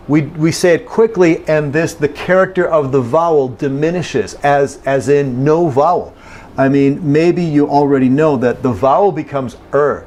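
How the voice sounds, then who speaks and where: Homem professor explicando pronúncia com calma. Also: male voice, medium pitch, slight background noise. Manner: patient, demonstrates phrases slowly then at normal speed. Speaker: English teacher. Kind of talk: pronunciation lesson.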